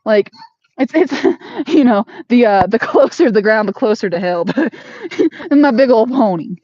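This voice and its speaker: A woman's voice: on the high side, lively intonation, moderate pace, warm tone, no echo. A woman hosting a casual homestead livestream while grooming her horse, rambling and baby-talking to her pony in a barn arena. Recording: dull lo-fi sound.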